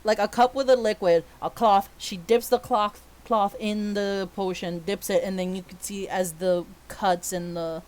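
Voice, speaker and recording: A woman's voice: mid-range voice, steady tone, a little slow, hardly any pauses, darkish tone. A woman narrating a tabletop game as game master, in a casual, filler-heavy way.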